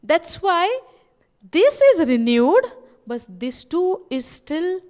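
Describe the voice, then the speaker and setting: Woman preacher, very high voice, questioning style, slow stressed scripture quotes. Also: sing-song, darkish tone. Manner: asks the crowd questions over and over. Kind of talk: sermon at a retreat. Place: retreat hall.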